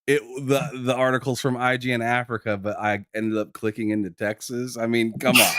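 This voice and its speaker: A man's voice: medium pitch, fairly even intonation, fairly quick, a bit bright, clean tone, dry recording, clean studio sound. A man co-hosting a casual gaming podcast, often stammering and restarting his sentences. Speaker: podcast co-host.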